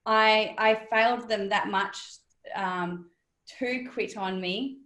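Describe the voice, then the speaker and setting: A woman's voice: mid-range voice, takes it slowly, a bit bright, reverberant. A woman guest on an interview, talking casually and impulsively, laughing often. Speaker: business planner guest.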